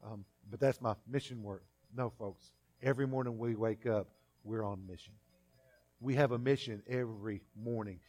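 A man's voice: on the low side, fairly even intonation, moderate pace, darkish tone. A man preaching a sermon as pastor in a folksy, conversational way, repeating phrases and acting out little scenes.

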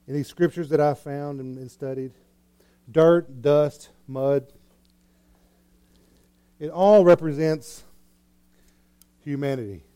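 A male preacher delivers a sermon in a high-pitched, warm, mellow voice. He tells the story dramatically, acting out the characters and shifting between hushed asides and loud, excited bursts. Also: takes it slowly, long pauses, clear, resonant tone. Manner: animated storytelling, acting out scenes with swings in loudness.

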